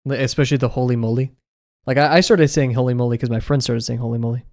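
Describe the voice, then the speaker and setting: A man's voice: mid-range voice, steady tone, fast talker, darkish tone. A young man streaming as he draws, chatting casually in a rambling, amused way and often correcting himself. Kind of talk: casual chat while drawing on stream.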